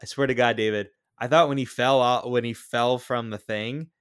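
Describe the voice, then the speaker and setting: A man with a mid-pitched, everyday voice, bantering on a movie podcast. He tells stories with a teasing, joking edge and talks in a relaxed, conversational way. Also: normal speed, smooth. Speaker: podcast co-host. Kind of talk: casual movie podcast chat.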